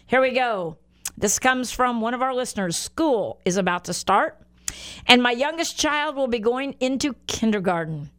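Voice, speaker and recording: Older American woman, radio host, upbeat and talkative, slightly high, smooth clean voice. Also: expressive, normal speed, fairly bright tone. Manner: bubbly, chatty, reads out phone numbers and web addresses. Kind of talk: Christian radio talk show.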